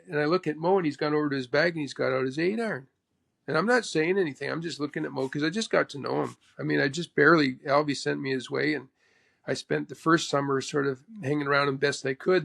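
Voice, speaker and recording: A man from Canada, a pro golfer, telling stories in an interview in an animated way, acting out what others said. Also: on the high side, creaky. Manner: animated, acts out the other person's speech. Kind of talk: storytelling interview.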